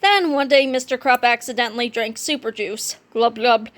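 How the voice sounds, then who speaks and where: Female reader for a children's book read-aloud; playful with asides, high and bright. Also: moderate pace. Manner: playful, adds joking asides.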